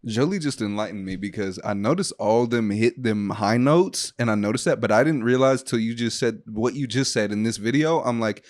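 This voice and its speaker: A man's voice: mid-range voice, moderate pace, few pauses, no echo, studio quality. A man co-hosting a podcast in easygoing, opinionated chat, often laughing. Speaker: podcast co-host. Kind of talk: casual chat.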